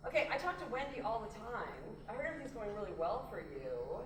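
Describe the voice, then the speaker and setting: A woman's voice: on the high side, very animated, quick pace, far from the mic, noisy background. A woman performing a gushing, self-absorbed fashion-industry woman in a solo stage comedy, rambling and giggling breathlessly. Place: theatre stage. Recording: echoey theatre, recorded from afar.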